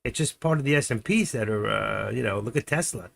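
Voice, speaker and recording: A creaky, mid-range voice moving fairly quickly comes from a middle-aged livestream host who day trades. While trading he keeps up casual, rambling chat, muttering to himself and chuckling through anecdotes.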